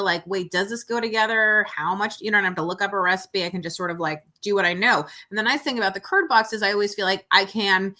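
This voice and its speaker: A woman cohost with a bright, crisp edge to her voice, chatting casually on a food podcast. She talks thoughtfully in long, winding descriptions, her pitch middling.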